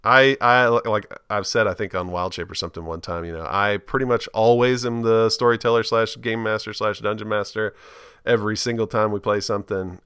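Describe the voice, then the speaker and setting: A man from the chats eagerly as a podcast co-host, laughing as he goes. His voice sits a little low but comes across bright and forceful, recorded close and dry with no room sound. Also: clean tone, no echo. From Alabama, USA. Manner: laughs often, chatty and enthusiastic. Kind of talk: casual chat.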